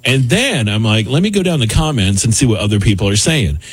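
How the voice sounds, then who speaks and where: A man co-hosting a casual talk show, telling a story in a lively way. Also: lowish voice, fairly quick, husky. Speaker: co-host. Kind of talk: casual talk radio chat.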